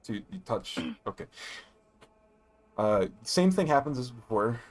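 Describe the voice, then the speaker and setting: A man's voice: medium pitch, big pitch swings, unhurried. A man narrating and running a casual tabletop role-playing game as game master, laughing easily.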